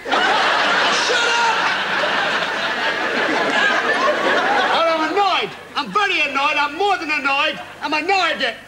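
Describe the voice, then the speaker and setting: A man on a comedy stage playing an indignant, squeaky-voiced character in a rabbit costume, telling his partner off. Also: very animated, a little slow, very noisy, full character voice. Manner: shrill, bossy, indignant. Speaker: comedy double-act performer. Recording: TV stage with loud audience laughter.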